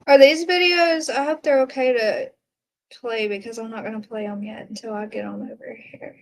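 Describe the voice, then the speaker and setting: A woman's voice: on the high side, fairly even intonation, moderate pace, creaky. A woman hosting a casual livestream, chatting to viewers, reading out their comments and exclaiming at what they send. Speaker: livestream host.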